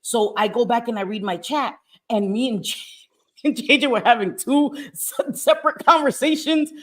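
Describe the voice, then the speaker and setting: A woman hosting a livestream in casual chat, brash, profane and animated. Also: a little high, normal speed. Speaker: livestream host. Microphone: streaming mic.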